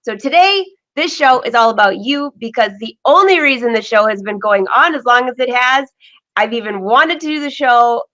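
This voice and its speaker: A woman hosting a live sewing vlog from her home studio, chatty and excitable, laughing often. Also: on the high side, moderate pace. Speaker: vlog host. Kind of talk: live-streamed casual chat.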